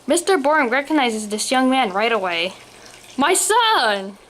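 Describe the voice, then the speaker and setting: A woman's voice: fairly high pitch, expressive, fairly quick, fairly bright tone. Woman reading a humorous story aloud. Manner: reads aloud, occasional slips. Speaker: story reader. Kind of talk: storybook narration.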